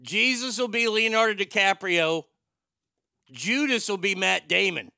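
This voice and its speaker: A man's voice: high voice, a little slow, creaky, pushed and bright, no echo, clean studio sound. A man hosting a talk show, riffing in casual, irreverent, joking banter.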